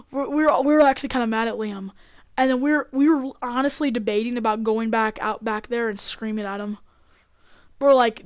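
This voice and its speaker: A young woman with a fairly high voice tells a story in a rambling, casual way. She leans heavily on fillers and breaks into quick laughs. The sound is dry and close. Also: no room sound. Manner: rambling, filler-heavy, laughing between lines. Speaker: YouTuber.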